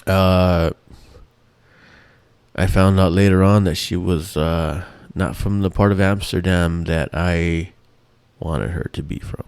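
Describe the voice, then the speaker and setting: A man's voice: deep voice, steady tone, slow, a little mellow, smooth, dry recording. Profane exasperated man ranting. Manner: exasperated, profane, rambling with restarts. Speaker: podcast host. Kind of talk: casual ranting monologue.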